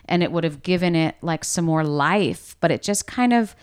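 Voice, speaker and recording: A woman's voice: low voice, expressive, normal speed, a little mellow, clean tone. A woman co-hosting a casual chat, giving thoughtful opinions with a lot of hedging. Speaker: podcast co-host.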